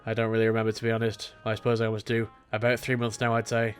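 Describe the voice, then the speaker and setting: A man's voice: on the low side, completely flat delivery, racing, faint music behind, lightly acted. A man voicing an elderly female tailor shopkeeper, guarded and grumbling, in a prim and tight-lipped manner.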